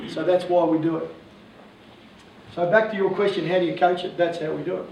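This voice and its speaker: Aussie guy giving a talk, high voice, cracking jokes, mic far off in a big echoey hall w faint room noise. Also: brisk, vocal fry, long pauses. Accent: Australian. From Australia. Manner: animated, joking storyteller. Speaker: coach speaking to parents. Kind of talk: public talk.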